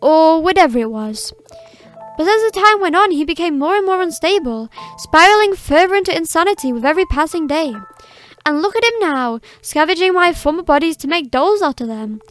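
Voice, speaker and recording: A woman's voice: very high voice, expressive, a little fast, soft background music. A woman voicing a cheerful, morbid immortal young girl, reading video game dialogue in a sweet, teasing manner. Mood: reflective. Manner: sweet, teasing, unbothered by death.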